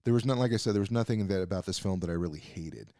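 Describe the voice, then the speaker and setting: A man's voice: low-pitched, rapid-fire, dark tone, dry recording. A man hosting a podcast, giving a casual, rambling film review with lots of fillers and restarts and the odd curse, close on a mic. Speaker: podcast host. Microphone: close desk mic.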